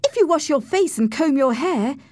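A woman doing a high, lively teasing girl. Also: normal speed, dry recording. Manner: high, bright and eager.

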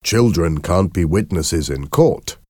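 A man voicing a calm, firm uncle. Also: low-pitched, slow pace, husky, no echo, studio quality, exaggerated voice. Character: calm, steady older uncle, wildlife officer.

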